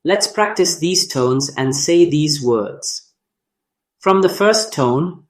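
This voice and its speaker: A man narrating a scripted language lesson, speaking deliberately and drawing out sounds to demonstrate them. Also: on the high side, lively intonation. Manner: slow, deliberate delivery demonstrating tones with drawn-out sounds. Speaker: language teacher.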